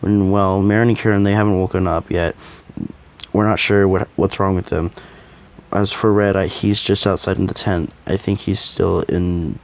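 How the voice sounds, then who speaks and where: A man's voice: deep voice, level tone, normal speed, gravelly. A man voicing a wry, teasing young male companion who talks in an easygoing way in a fan audio drama.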